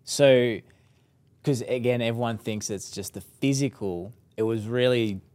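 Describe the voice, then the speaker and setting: A man's voice: medium pitch, measured pace, darkish tone, dry recording. A man hosting a podcast interview, asking questions with hesitations and restarts. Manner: hesitant, restarts questions, short backchannel replies. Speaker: podcast host.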